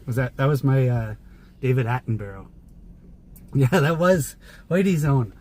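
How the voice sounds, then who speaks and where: A man's voice: mid-range voice, animated, normal speed, darkish tone. A man hosting a livestream, chatting casually from inside a car while he drives. He is chatty, laughs often and thanks viewers by name. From Canada. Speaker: livestream host. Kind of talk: casual chat while driving. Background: faint car noise.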